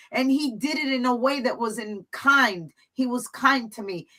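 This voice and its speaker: Bright-voiced woman hosting a talk show. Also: a little high, moderate pace, hardly any pauses, rough recording. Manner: earnest, heartfelt, speaks directly to her guest. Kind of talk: talk show conversation, personal testimony.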